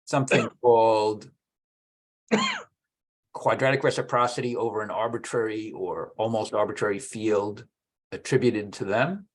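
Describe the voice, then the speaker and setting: A man in casual technical conversation, thinking aloud about mathematics, with halting restarts. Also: lowish voice, fairly even intonation. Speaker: mathematician discussing research.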